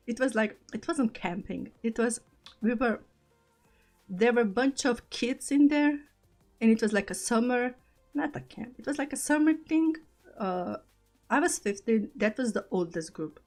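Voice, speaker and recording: A young woman streamer, not a native English speaker, chatting casually and telling stories with frequent laughs. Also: mid-range voice. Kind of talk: casual live-stream chat.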